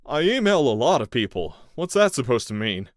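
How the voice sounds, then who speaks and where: A man's voice: medium pitch, very animated, moderate pace, no echo, clean studio sound, voice pushed up, natural voice. A man voicing a crude, foul-mouthed captive who mocks and threatens his interrogator in an audiobook. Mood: incredulous. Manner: flippant and foul-mouthed, turning to snarling threats. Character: crude, mocking grown man tied to a chair. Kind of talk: audiobook character voice.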